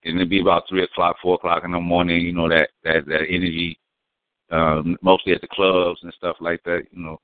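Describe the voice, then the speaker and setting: A man's voice: deep voice, flat delivery, a little fast, no room sound. A man in casual, profane, rambling talk, explaining slang terms and acting out quotes. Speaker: guest. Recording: dry, phone-like sound.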